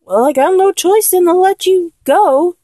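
Her voice is very high-pitched and mellow, moving at a measured pace with no echo. She's playing a flustered young lover in a comedic audio role-play, repeatedly trying and failing to be dominant, exasperated and self-correcting.

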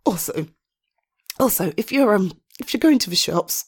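Panting and winded, a young woman speaks in a husky, breathy voice at a normal speed. She's expressive, her pitch swinging from low murmurs to high exclamations, and she keeps slipping back into a soft whisper.

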